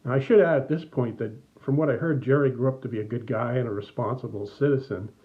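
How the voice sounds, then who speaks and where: A middle-aged man tells a story to children at a church service, bringing it to life with the voices he puts on along the way. His voice sits at an everyday pitch, and the recording sounds thin and tinny, as if heard over a phone line. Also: fast talker. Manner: animated, acts out voices. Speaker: children's message speaker. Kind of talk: storytelling to kids.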